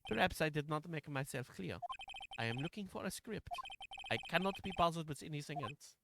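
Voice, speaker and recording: A man's voice: on the high side, expressive, brisk, gravelly, heavy background noise. A man voicing a haughty, cold female TV producer in a loose put-on French accent, curt and dismissive.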